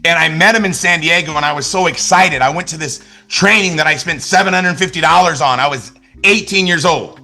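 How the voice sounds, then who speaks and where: A man gives a high-energy motivational business talk with a bright, forceful voice. He restarts his sentences and keeps checking in with "right?". Faint music plays behind him. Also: brisk, gravelly. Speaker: network marketing trainer.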